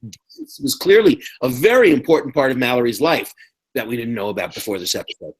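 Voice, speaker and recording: A podcast co-host in casual chat, sarcastic, whose pitch jumps high when mocking a character and who often chimes in with quick agreement. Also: expressive, husky, rough recording. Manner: agreeing interjections.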